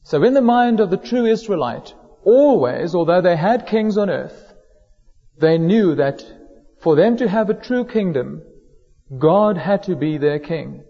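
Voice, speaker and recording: A man preaching a sermon in a church, measured and slowing down to stress key words. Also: sits high, animated, faint music behind. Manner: measured, slows down for emphasis on quoted words. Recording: dull lo-fi sound in a hall with long reverb.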